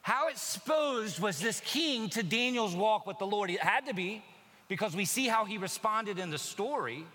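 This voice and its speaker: A man preaching with a high, bright voice in a reverberant church hall. His delivery is conversational and animated, acting out quotes. He drops low and quiet for emphasis. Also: moderate pace. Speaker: pastor. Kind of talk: sermon. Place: church sanctuary.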